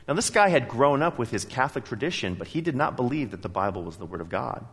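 A man preaching a sermon in a church, telling stories in a lively, emphatic way. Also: medium pitch, fast talker, breathy edge, long reverb tail. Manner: animated storytelling, emphatic. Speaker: pastor. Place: church sanctuary.

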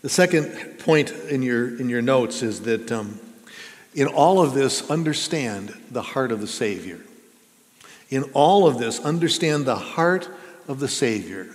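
Heard in a reverberant church hall, a man of medium pitch preaches as pastor in an animated, unhurried way. He sounds earnest and conversational, asking his listeners questions from the church sanctuary.

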